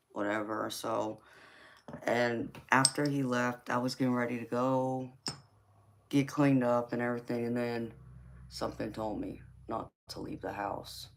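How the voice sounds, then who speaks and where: A woman hosting a live stream, casually telling a personal story in an animated way, swearing freely and laughing as she talks. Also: a bass voice, unhurried, a little hiss or hum. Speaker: tarot reader and live stream host.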